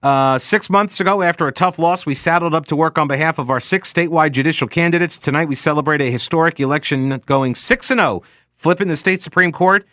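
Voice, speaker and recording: A man's voice: a little high, a little fast, sharp tone, dry recording. A man hosting a political talk show, speaking casually and sarcastically while reading listener tweets aloud with frequent asides.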